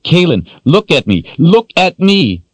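A man's voice: on the high side, sing-song, a little slow, no echo, pitched above the performer's own voice. A man voicing a desperate young man, pleading urgently and frantically. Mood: frantic pleading. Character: desperate young man trying to calm a woman.

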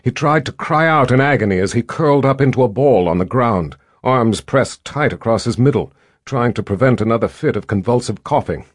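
A man narrating a fantasy audiobook with measured, dramatic pacing and drawn-out pauses. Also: medium pitch, expressive, no room sound, studio quality.

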